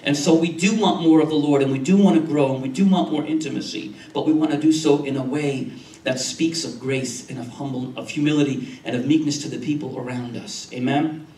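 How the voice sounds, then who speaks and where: The preacher here is a man with a fairly high but dark-toned voice, steady and brisk. He repeats phrases and keeps asking the congregation "Amen?" while the church sanctuary recording sounds roomy and far off.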